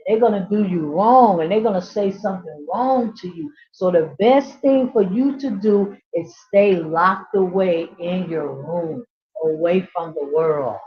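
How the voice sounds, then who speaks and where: A woman's voice: fairly low pitch, measured pace, lo-fi sound. A woman giving an impassioned teaching monologue as a speaker on inner child healing, with repetitive, preacher-like build-ups and casual, colloquial grammar.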